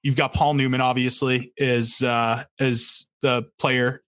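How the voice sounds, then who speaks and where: A man's voice: medium pitch, little pitch movement, a little slow, fairly bright tone, clean tone, dry recording, studio quality. Laughing, rambling podcast host man. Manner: laughs often, restarts sentences. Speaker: podcast host running the draft. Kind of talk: casual chat.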